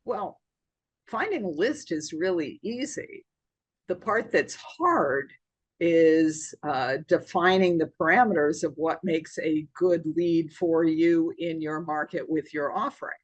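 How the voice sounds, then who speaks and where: A woman's voice: low-pitched, slow pace, dry recording, muffled recording. A woman, a guest on a podcast, methodically explaining how to find sales prospects with concrete examples. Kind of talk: conversational podcast interview.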